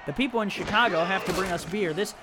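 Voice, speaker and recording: A high-pitched man calls the plays with brisk, running commentary, dropping in dry jokes between snaps. Steady noise sits under his voice throughout. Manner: brisk play calls with dry joking asides. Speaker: play-by-play commentator. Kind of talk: live esports football commentary.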